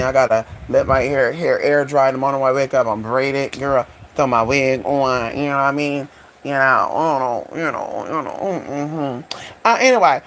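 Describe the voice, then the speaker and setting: A man's voice: mid-range voice, slight background noise. A flamboyant man hosting a live stream, talking sassily and rambling to his viewers, calling them honey and girl. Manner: sassy, flamboyant, calls listeners honey and girl; rambling, talks back to an unseen audience. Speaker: channel host.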